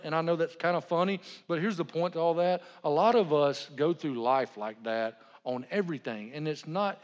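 Middle-aged male pastor, higher-pitched voice, folksy sermon style, recorded with long hall reverb and muffled lo-fi sound. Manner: folksy, conversational, playful asides. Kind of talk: sermon with humorous anecdotes. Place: church sanctuary.

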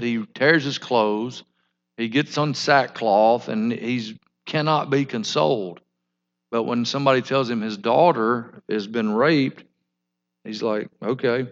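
A man leads a verse-by-verse Bible study, alternating between reading the text and talking it through. His delivery is relaxed and unpolished, full of restarts and pauses. The recording carries a long room echo and a muffled, lo-fi tone. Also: medium pitch. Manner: unhurried, with frequent restarts and fillers between read passages. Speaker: Bible teacher. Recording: echoey room, dull lo-fi sound.

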